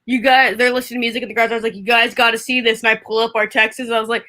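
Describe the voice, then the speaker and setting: A woman's voice: a little high, flat delivery, rapid-fire, sharp tone. A woman co-hosting a podcast, chatting casually about music in a giggly way, full of fillers. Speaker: podcast co-host. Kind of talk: casual chat about records.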